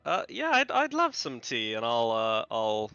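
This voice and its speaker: A man's voice: medium pitch, huge pitch swings, unhurried, bright, forceful tone, clear, resonant tone, no echo, muffled recording, faint music behind. A man playing a tabletop game, speaking in a hesitant, wry way as he decides his character's actions. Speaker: player. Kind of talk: casual tabletop chat.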